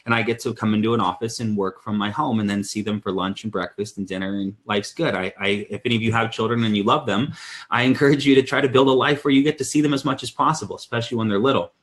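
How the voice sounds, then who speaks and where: A man in his thirties hosting a weekly sales training call, telling a story in an energetic, animated way with many restarts. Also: fast talker. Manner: energetic storyteller, lively swings in pitch. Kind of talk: casual live-stream talk.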